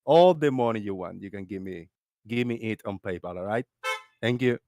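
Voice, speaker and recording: A man hosting a casual voice-chat stream, talking loudly and laughing often, with plenty of swearing, close to his desk microphone. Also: on the low side, normal speed, no room sound. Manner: loud, laughing, profane. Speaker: stream host.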